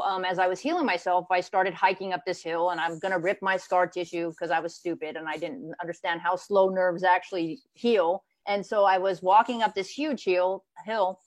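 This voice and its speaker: Woman guest, mid-pitched, earnest, self-interrupting storyteller; dry close recording. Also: brisk, no echo. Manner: earnest, frequent restarts, acts out inner voices. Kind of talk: conversational interview.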